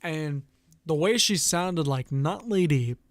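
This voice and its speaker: Casting note: man streamer, slightly high voice, dry close sound, rambling storyteller. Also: animated, takes it slowly, no echo. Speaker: streamer host. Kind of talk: casual chat on a live stream.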